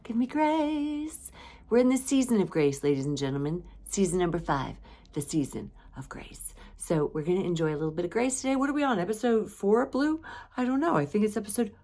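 A woman hosting her own podcast in a casual solo chat, playful and self-teasing, with bursts of animated emphasis. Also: mid-range voice, brisk. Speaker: podcast host.

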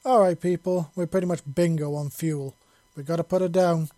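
A man's voice: a little high, steady tone, moderate pace, warm tone, dry recording, natural voice. A man voicing a young male pilot who talks in an easygoing, informal way. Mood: casual.

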